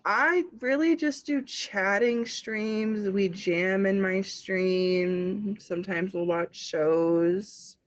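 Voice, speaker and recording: A young woman with a cold and slightly congested, a streamer guest chatting casually and quickly. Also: medium pitch, lo-fi sound. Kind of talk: casual interview chat.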